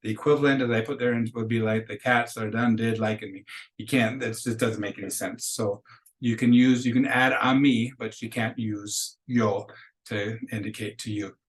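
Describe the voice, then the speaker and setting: A man's voice: on the low side, fairly even intonation, normal speed, poor audio. A man teaching a beginner Spanish class, patiently explaining grammar step by step and modeling phrases for the class to repeat. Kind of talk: recorded classroom lecture.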